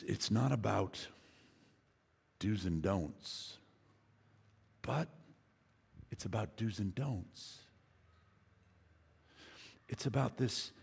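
Gravelly-voiced man preaching a sermon. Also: on the low side, slow, long pauses, big-room sound. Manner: storytelling, builds to emphatic preaching. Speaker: pastor.

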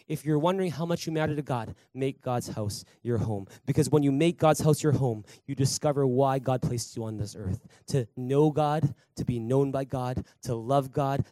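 A man's voice: mid-range voice, warm tone, no echo. Emphatic male pastor preaching. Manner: emphatic preacher, calls for applause and congregation responses. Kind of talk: sermon. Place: church service with congregation.

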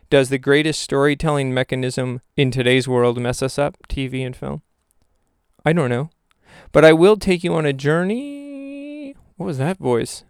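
A man's voice: medium pitch, vocal fry, clear, resonant tone, no room sound, studio quality. A man in his twenties hosting a podcast, talking in a playful, self-mocking comedic monologue and slipping into silly voices. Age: 20s. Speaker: podcast host.

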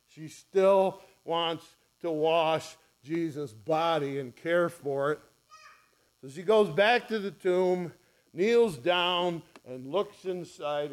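Slow-speaking preacher man. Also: a little high. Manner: storytelling preacher, acts out quoted voices softly and loudly. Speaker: pastor. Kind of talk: sermon. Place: church.

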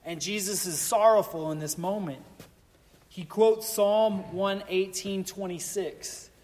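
A pastor with a notably high yet darkish voice preaches slowly, earnest and emphatic, returning again and again to exclamations to drive his point home. A long reverb makes it sound like a large church hall.

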